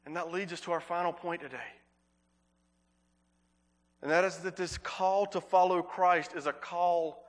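A man preaching a sermon as pastor, earnest, repeating words for emphasis and slowing on key phrases. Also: high voice, fairly even intonation.

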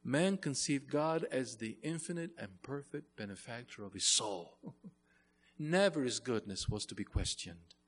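A man's voice: mid-range voice, animated, measured pace, in a large hall, slight background noise. A man preaching a sermon in an earnest way, repeating phrases and rising to emphatic bursts.

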